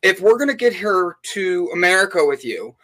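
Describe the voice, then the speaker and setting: Bright-voiced joking male host. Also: sits high, big pitch swings, normal speed. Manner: playful, joking, rambling with restarts. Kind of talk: casual on-air chat.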